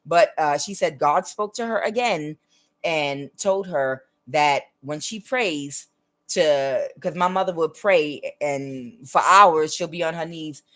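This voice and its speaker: A woman's voice: deep voice, a bit bright. A woman hosting her own spiritual channel, talking earnestly and emphatically in a casual monologue. She keeps checking that the listener understands. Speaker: tarot reader and spiritual channel host.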